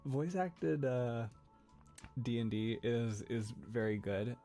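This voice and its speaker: Gravelly-voiced man chatting on stream. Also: medium pitch, takes it slowly, mellow, soft background music. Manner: rambling, laughs often, many fillers and restarts. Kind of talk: casual livestream chat. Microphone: close mic setup.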